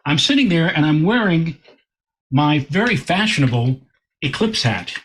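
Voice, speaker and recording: A man, a guest astronomer, telling an animated anecdote in an interview and repeating words as he goes. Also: fairly high pitch, normal speed, a little hiss or hum.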